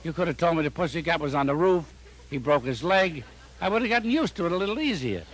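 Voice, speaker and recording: High-voiced man rattling off one-liners. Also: some chatter behind. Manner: rapid-fire deadpan joke telling. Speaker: comedian. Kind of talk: telephone joke line one-liners. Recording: noisy archival recording with clicks.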